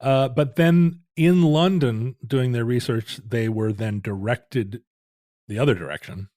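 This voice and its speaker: A man's voice: medium pitch, a little slow, warm tone, no room sound, clean studio sound. A middle-aged man co-hosting a podcast, telling a family story in a rambling, self-interrupting way. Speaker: podcast co-host. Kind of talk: casual chat.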